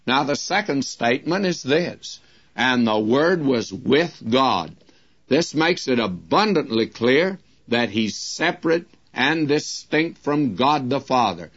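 A man's voice: on the high side, fairly bright tone. A man teaching the Bible in a radio sermon, emphatic and speaking straight to his listeners as friends, on a dull lo-fi broadcast recording.

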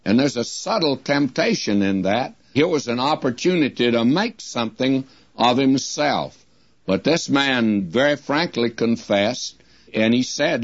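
An older man gives a radio sermon at a very slow, unhurried pace. He talks plainly and deliberately and reads scripture in old English. The sound is dry and dull, like an old lo-fi radio broadcast. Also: mid-range voice, no room sound. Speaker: radio Bible teacher.

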